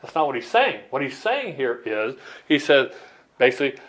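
A man's voice: mid-range voice, big pitch swings, moderate pace, fairly bright tone, rough recording. A middle-aged male pastor giving a sermon in a conversational manner, often restarting and repeating words as he talks.

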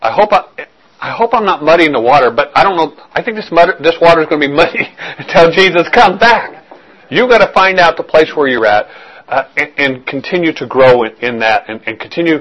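A man's voice: on the high side, expressive, brisk, a bit bright, poor audio. A man preaching a sermon as a pastor, talking earnestly, repeating words and restarting phrases as he reasons aloud.

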